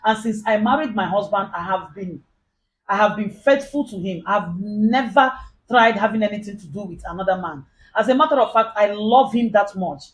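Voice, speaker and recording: A woman's voice: mid-range voice, moderate pace, low-quality recording. A woman with a Nigerian accent telling a personal story in the first person, earnestly retelling what others said as quoted dialogue.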